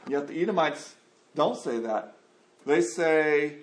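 A man's voice: on the high side, moderate pace, slight background noise. A man preaching a sermon, explaining scripture and acting out the voices of people in the story. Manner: animated, acts out quoted voices of the Bible figures.

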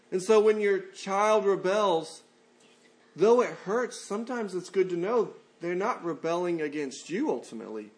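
A male pastor preaching a conversational sermon and acting out the people in his stories. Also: sits high.

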